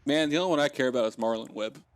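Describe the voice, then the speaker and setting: A man's voice: medium pitch, rapid-fire. A man on a casual podcast with friends, chiming in with short teasing interjections. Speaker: podcast co-host. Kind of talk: casual chat among friends.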